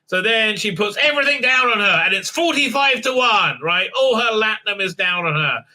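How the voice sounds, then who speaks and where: A man with a high, piercingly bright voice runs through a casual recap of a TV episode. He mocks what happens, stumbles through constant fillers and restarts, and slips into put-on voices to act out the scenes. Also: expressive. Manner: halting, many fillers and restarts. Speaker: show reviewer.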